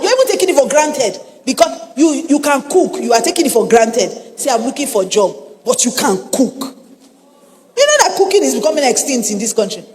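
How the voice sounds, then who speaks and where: Animated Nigerian woman preaching in a hall. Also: high voice. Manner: animated, humorous, repeats lines for emphasis. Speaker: pastor. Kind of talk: sermon.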